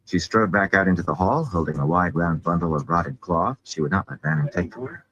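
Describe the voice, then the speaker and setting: A man reading a fantasy novel aloud in an expressive way. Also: deep voice, brisk, lo-fi sound, a little hiss or hum. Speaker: audiobook reader.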